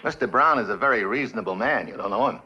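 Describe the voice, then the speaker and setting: An actor playing a gangster's lackey who gives curt warnings, on an old film soundtrack. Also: male voice, on the low side, quick pace, sharp tone, husky, exaggerated voice. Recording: dull 1950s film soundtrack.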